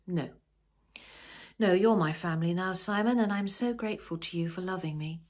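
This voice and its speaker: A woman's voice: fairly low pitch, normal speed, darkish tone, close to an everyday voice. A woman reading the lines of a troubled young mother in a storybook, rueful and wry. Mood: shaken. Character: troubled young mother, estranged from her family.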